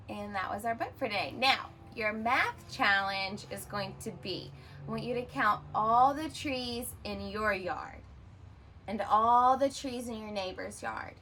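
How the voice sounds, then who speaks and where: A woman's voice: a little high, sharp tone, a little hiss or hum, rough recording. A woman teacher reading a children's picture book aloud, expressively, and stopping to ask the listener questions.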